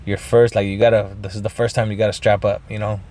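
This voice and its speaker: Man, podcast host, lowish voice, casual rambling monologue, swears a lot, clears his throat often. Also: little pitch movement, fast talker, darkish tone. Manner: mixes in Spanish phrases.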